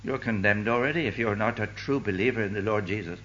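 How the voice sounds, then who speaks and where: An older man preaching a sermon with fervent delivery, swinging from loud declaiming to hushed asides. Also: on the low side, fast talker, lo-fi sound, slight background noise.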